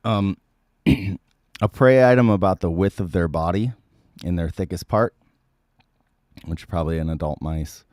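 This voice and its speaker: Very low, sick-sounding man chatting. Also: a little mellow, no echo, clean studio sound. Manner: rambling, many ums, frequent throat clearing. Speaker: livestream host reading viewer comments. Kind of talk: casual livestream chat.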